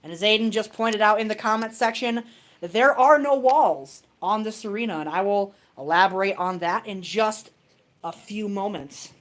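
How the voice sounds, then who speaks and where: A woman's voice: mid-range voice, normal speed, poor audio. A woman hosting a casual livestream from a home tabletop setup, self-deprecating and chuckling often. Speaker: host of a toy robot fight livestream.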